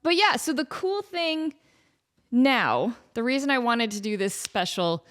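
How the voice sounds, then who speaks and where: A woman's voice: fairly high pitch, big pitch swings, a little slow, fairly bright tone. Woman, thirties, podcast host, casual chat, laughing often, rambling with fillers. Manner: chatty, laughing, lots of fillers.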